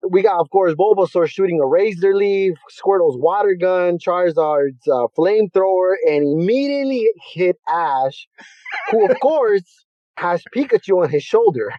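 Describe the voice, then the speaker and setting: High-voiced man, laid-back podcast guest. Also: no echo, dull audio. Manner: laid-back, slangy retelling with laughter. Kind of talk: casual chat.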